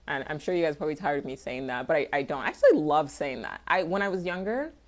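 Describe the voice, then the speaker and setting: Woman, young adult, low-ish voice, casual livestream chat, rambling, swears freely. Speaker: artist hosting a livestream. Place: home, livestream.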